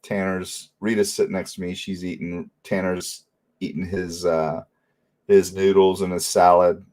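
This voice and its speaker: Laughing, lower-voiced man telling stories. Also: measured pace. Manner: animated storytelling, laughs often. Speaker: livestream host. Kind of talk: casual livestream chat.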